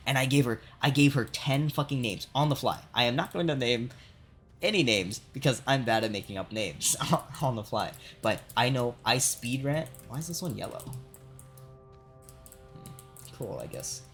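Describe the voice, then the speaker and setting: A man's voice: mid-range voice, lively intonation, normal speed, a bit bright. Streamer guy ranting about his job mid-game, swears constantly, keeps saying right?, faint music behind. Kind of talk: venting while playing a game.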